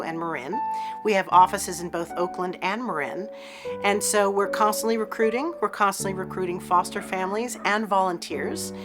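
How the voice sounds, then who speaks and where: Woman explaining a rescue program. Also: mid-range voice. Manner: steady, informative. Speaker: executive director of an animal rescue. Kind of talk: documentary interview. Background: music.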